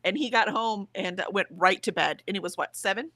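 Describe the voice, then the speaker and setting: Lying in bed at home, a woman runs a casual livestream in a mid-range voice, speaking briskly with no room sound. She reads out viewer comments, chats in a lively way and laughs a lot.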